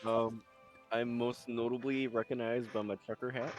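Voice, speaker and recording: Deadpan man with clear music behind. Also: mid-range voice, normal speed, highs cut off. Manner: deadpan, short answers. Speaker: player.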